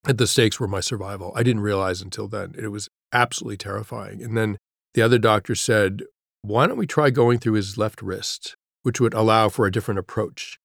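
Here a middle-aged man, interviewed as a guest author, tells his own story haltingly and reflectively, lowering to a hush at the heaviest points. His low-leaning voice has vocal fry and fairly even intonation, recorded dry at studio quality.

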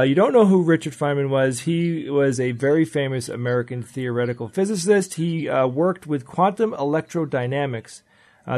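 A man's voice: medium pitch, darkish tone. A man on a podcast panel, sharing an anecdote eagerly in a casual chat. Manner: enthusiastic, telling a story.

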